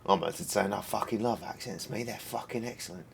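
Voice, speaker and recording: A man's voice: fairly low pitch, fast, creaky, slight background noise. A man streaming a mystery game, swearing constantly and sounding exasperated. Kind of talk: casual live-stream commentary.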